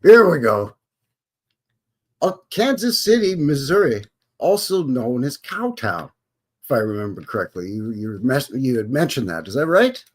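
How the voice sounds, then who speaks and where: Husky guy from alberta doing a live stream, lively up and down voice, folksy howdy-y'all chatter. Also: mid-range voice, a little slow. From Alberta, Canada. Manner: folksy cowboy talk, greets chatters warmly. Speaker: livestream host. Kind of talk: casual live-stream chat.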